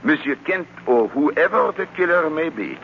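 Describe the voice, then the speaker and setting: A man's voice: on the high side, sing-song, normal speed, a little hiss or hum. A man playing a fussy, polite Belgian detective with a French-speaking Belgian accent, in a 1940s radio drama, talking in a florid, precise way and dropping in French words. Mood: suave. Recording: dull lo-fi old radio recording.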